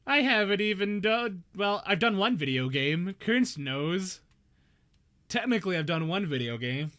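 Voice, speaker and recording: A man streaming a game, chatting casually and telling a rambling, excitable story. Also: high-pitched, normal speed. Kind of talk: casual chat.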